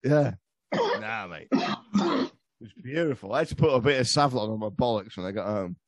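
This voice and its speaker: Crude, laughing man, lively pitch. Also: normal speed, no echo, clean studio sound. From England. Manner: crude, swearing, laughing storyteller. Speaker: podcast guest. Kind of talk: casual comedy podcast chat.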